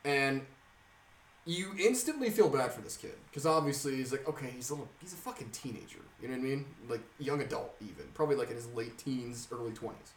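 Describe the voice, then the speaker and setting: Animated, swearing young man, off mic. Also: medium pitch, brisk, distant mic, a little hiss or hum. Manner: animated storyteller, heavy swearing, laughs often. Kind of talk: casual chat. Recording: roomy sound from off mic.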